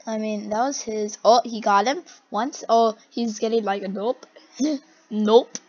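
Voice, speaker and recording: A young person giggling and gasping while reacting to game clips in a try-not-to-laugh challenge. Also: female voice, fairly high pitch, steady tone, measured pace, lo-fi sound. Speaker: video reactor.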